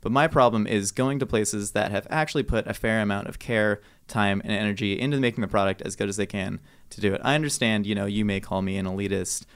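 A man's voice: fairly low pitch, quick pace, hardly any pauses, clear, resonant tone. A man arguing his side on a casual podcast, rambling and jokey with mock-earnest asides. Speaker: podcast co-host debater.

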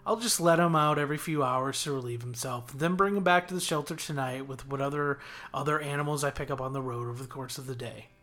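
A man's voice: medium pitch, quick pace, bright, forceful tone, natural voice. A man reading aloud and voicing a kind-hearted young man who drives for animal control, shy and a little awkward. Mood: earnest.

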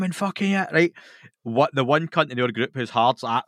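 Brief: Glaswegian man, podcast guest, swears freely, animated storyteller, dry close mic. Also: medium pitch, brisk, no echo. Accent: Scottish, Glaswegian. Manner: sweary, animated, laughs through his stories. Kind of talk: casual storytelling chat.

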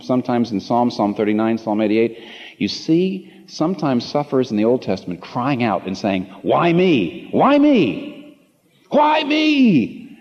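A man's voice: mid-range voice, warm tone. A man preaching a sermon with passion, rising into emphatic rhetorical questions, in a large church. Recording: dull reverberant hall recording.

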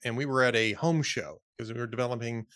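A man's voice: mid-range voice, fast talker, a bit bright, dry recording, clean studio sound. A middle-aged man co-hosting a podcast, telling a story in casual chat and laughing often. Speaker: podcast co-host.

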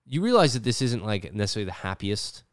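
A man's voice: fairly low pitch, very animated, quick pace, no echo, studio quality. A man hosting a podcast, talking casually and rambling with lots of "like", often acting out quoted voices. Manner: rambling, filler-heavy with frequent "like". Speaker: podcast host. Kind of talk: casual chat. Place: his studio.

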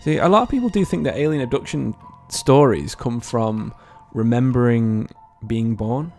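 Laughing young podcast host. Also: male voice, medium pitch, expressive, normal speed, a little mellow, soft background music. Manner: swears and laughs often, acts out characters. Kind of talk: casual storytelling chat.

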